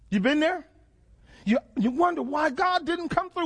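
Male preacher, very high voice, dramatic sermon delivery with repeated questions. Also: expressive, measured pace, a bit bright. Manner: dramatic, call-and-response questions, repeats phrases.

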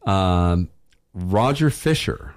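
A middle-aged man hosting a public radio pledge drive, an animated storyteller who laughs often. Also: low voice, drawn-out words. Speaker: radio host.

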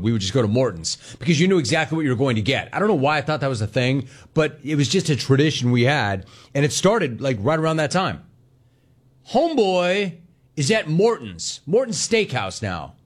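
A male radio host spinning a story for his listeners, his pitch swinging widely as he acts out each quote. He talks in quick bursts and jumps between tangents, loose and casual behind the mic. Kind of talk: casual talk radio monologue.

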